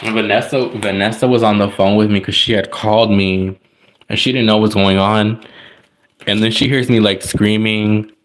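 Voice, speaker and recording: Deep-voiced man rambling casually. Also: steady tone, normal speed. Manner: rambling, many likes and restarts. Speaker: tarot reader. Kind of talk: casual storytelling.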